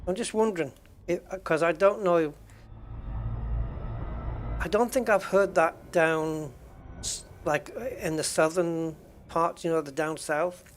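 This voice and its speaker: A man's voice: on the high side, fairly even intonation, slow, long pauses, a little hiss or hum. An English man streaming a game, chatting casually with viewers in a musing, hesitant way with many restarts. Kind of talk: casual livestream chat with viewers.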